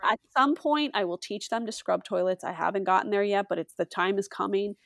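A middle-aged woman chatting as a podcast guest, blunt, opinionated and quick to mock herself. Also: mid-range voice, gravelly, a bit bright, no echo, clean studio sound. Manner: blunt, opinionated and self-mocking. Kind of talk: casual podcast chat.

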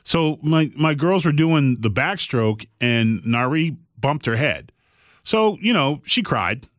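A man's voice: on the high side, big pitch swings, slow, fairly bright tone, dry recording, clean studio sound. A middle-aged man and podcast host telling a story in casual chat, blunt and emphatic.

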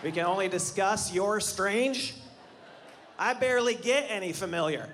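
A man's voice: high voice, moderate pace, a bit bright. A man in his thirties doing a stand-up set before a live audience, sarcastic and teasing the crowd. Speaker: stand-up comedian. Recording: live show with clear crowd noise.

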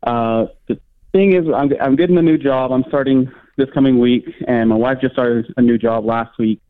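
A man calling in to a radio show, talking in a halting way with many fillers. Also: mid-range voice, clean tone. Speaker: caller. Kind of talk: call-in question on radio. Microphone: phone line. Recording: tinny phone line.

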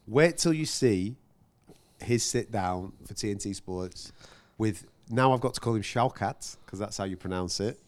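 A man's voice: fairly low pitch, measured pace. A man co-hosting a casual fight-sports chat who lays out stats, teases his partner and swears freely. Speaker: podcast co-host.

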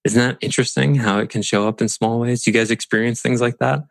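A man's voice: medium pitch, fast, gravelly, dry recording. A man leading a group call as a coach, talking reflectively and acting out inner voices with shifts of tone. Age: adult parent. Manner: expressive, mimics inner voices with changes of tone.

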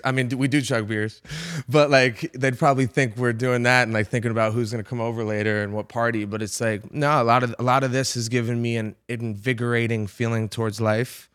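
Man, podcast guest, halting and reflective, dry close sound. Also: medium pitch, fairly bright tone, clear, resonant tone, no echo. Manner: halting, searching for words, swears casually. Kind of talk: casual reflective conversation.

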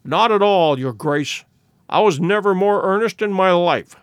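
Guy reading as a cool unbending detective, precise and clipped, lively pitch, dry close sound. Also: clean tone, no room sound. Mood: cool, measured. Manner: cold, measured, inexorable. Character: cold, inexorable male detective, sharp and precise.

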